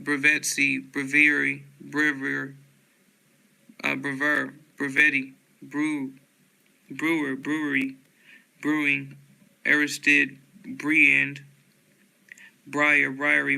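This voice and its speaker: Man, steady dictionary reader; bright, crisp and gravelly voice, slow monotone delivery. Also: medium pitch, poor audio. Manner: slow, flat word-by-word reading with occasional stumbles and fillers. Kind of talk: reading dictionary entries aloud.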